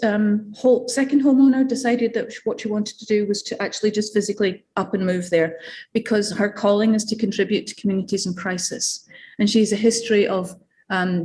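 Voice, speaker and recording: A woman with a Scottish accent gives an academic seminar talk as a lecturer, speaking conversationally with fillers and asides. Her voice is mid-range with a dark tone.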